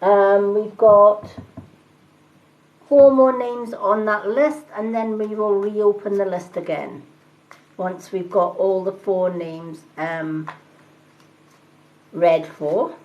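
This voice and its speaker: A woman doing live-stream tarot readings, talking calmly and reassuringly and greeting viewers by name. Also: medium pitch, slow, long pauses, lo-fi sound. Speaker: tarot reader and medium.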